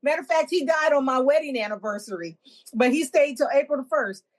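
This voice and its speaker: A woman's voice: high voice, expressive, fairly quick. A woman with a Texan accent, a death doula telling stories in a blunt, plainspoken way as a guest. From Texas. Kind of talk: conversational interview.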